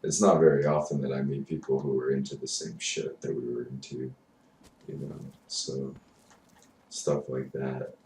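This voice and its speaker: A man's voice: very deep voice, little pitch movement, moderate pace, darkish tone. A young man chatting casually as a streamer, rambling and cursing in a laid-back way. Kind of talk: casual chat. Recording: roomy, distant mic, faint noise.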